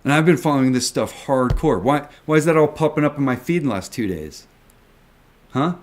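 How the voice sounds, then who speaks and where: This stock-investing vlogger has an expressive mid-range voice and speaks fairly quickly. Addressing his viewers, he rants with emphasis, goes over the same points again and swears often.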